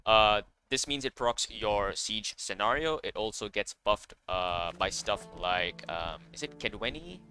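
A man with a low-set voice chats through a card game as a content creator. He sounds bright and forceful, piles on fillers and corrects himself mid-sentence. Soft music plays behind him. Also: expressive, measured pace, few pauses. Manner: enthusiastic, rambling, many fillers and self-corrections. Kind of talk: casual gameplay commentary.

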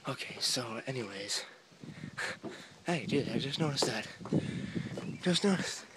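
A man's voice: mid-range voice, a little slow. A young man vlogging outdoors on a boardwalk, talking into a phone at arm's length in a rambling, self-mocking way. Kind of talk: casual walking vlog. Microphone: phone held at arm's length. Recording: outdoor phone audio with steady noise.

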